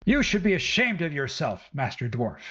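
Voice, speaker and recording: A man's voice: fairly high pitch, big pitch swings, moderate pace, a bit bright, muffled recording, pitched above the performer's own voice. A man doing a furious broom-waving village mother. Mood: furious scolding. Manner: scolding, indignant ranting.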